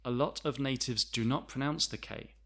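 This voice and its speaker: A man's voice: mid-range voice, normal speed, a bit bright. A man teaching an English lesson, explaining carefully and repeating each example sentence.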